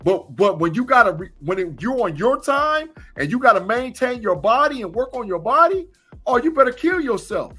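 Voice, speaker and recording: A man's voice: extremely high pitch, sing-song, normal speed, sharp tone, breathy edge, faint music behind. A man co-hosting a sports podcast, a former college football player talking emphatically and repeating his points. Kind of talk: casual sports chat.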